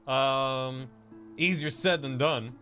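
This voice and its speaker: A man's voice: mid-range voice, slow pace, bright, forceful tone, soft background music. A man giving jokey, casual commentary while streaming a video game. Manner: jokey, chatty, talks to the game characters.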